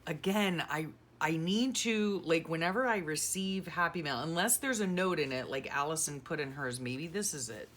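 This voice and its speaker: This is a casual decluttering chat from a middle-aged woman vlogger who gushes and rambles sentimentally over her craft keepsakes. Her voice is low-pitched and a bit bright, and she talks at normal speed.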